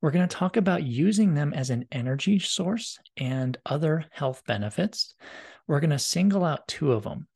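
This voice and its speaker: A man's voice: a little high, expressive, normal speed, creaky, darkish tone, husky. A man co-hosting a podcast, upbeat and joking in casual chat. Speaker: podcast co-host.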